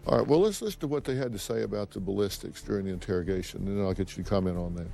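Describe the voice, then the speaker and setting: A man's voice: on the low side, very fast, gravelly. A man hosting a TV talk show, questioning a guest with probing, leading questions in a studio. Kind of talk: studio interview.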